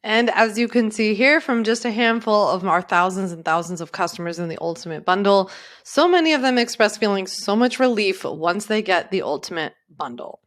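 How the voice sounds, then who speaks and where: A woman in her thirties, an attorney and coach, giving an upbeat and encouraging sales pitch in a webinar. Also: lively intonation, moderate pace.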